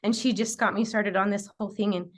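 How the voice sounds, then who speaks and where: A woman's voice: mid-range voice, steady tone, fast talker. A woman in her thirties, a guest in a casual interview, telling her story earnestly with lots of "like" and "just" and frequent laughs. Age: 30s. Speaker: guest, nutrition client.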